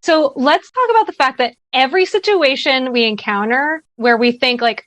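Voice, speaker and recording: A woman's voice: high voice, moderate pace, few pauses, fairly bright tone, dry recording. A woman presenting at a virtual summit, giving earnest, conversational advice and often checking in with "right?". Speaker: workshop presenter. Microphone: video call.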